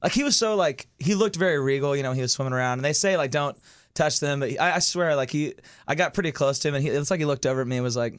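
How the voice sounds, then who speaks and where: Rambling, quick-talking musician man. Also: a little high, smooth, dry recording, studio quality. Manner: rambling, self-deprecating, lots of "like" and "you know". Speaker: guest musician. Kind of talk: casual studio chat. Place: radio studio. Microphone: studio microphone.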